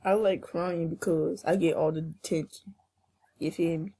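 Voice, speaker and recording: A young woman, in casual teasing banter with a friend, loud and playful. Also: sits low, steady tone, moderate pace, slight background noise. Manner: playful, loud, whining hums.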